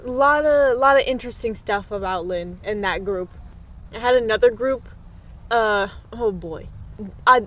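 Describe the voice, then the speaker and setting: Young woman podcast co-host, high-pitched, candid and profane, casual chat. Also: fairly bright tone. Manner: candid, swears freely.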